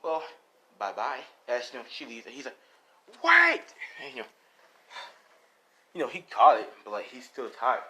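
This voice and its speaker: A man's voice: mid-range voice, a little fast, long pauses, noisy background. A young man casually improvising a story, rambling with lots of "like" and "you know".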